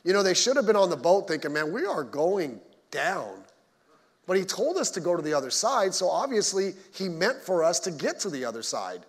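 Speaking fast with few pauses and big pitch swings, a high-voiced pastor delivers a folksy, conversational sermon. He jokes with the congregation in a church sanctuary, and the recording has long hall reverb.

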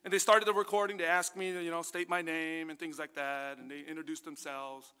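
A man preaching a sermon as pastor, telling a personal testimony in an animated way, dropping to a hush and then rising loud. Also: fairly high pitch, brisk, clean tone, long reverb tail. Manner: animated storytelling, swings from hushed to loud.

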